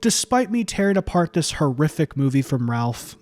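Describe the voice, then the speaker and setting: A man's voice: on the high side, very animated, normal speed, a little mellow, dry recording. A man who critiques films on video, delivering scripted commentary in a sarcastic, profane way. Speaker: YouTube film critic.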